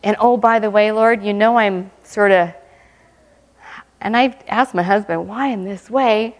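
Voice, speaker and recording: A woman giving a lively, humorous mission testimony at church, often breaking into laughter. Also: mid-range voice, measured pace, in a large hall.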